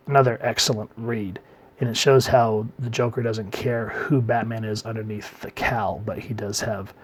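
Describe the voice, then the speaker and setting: A man giving a casual comic book review, talking in a relaxed way and letting his phrase ends trail off quietly. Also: medium pitch.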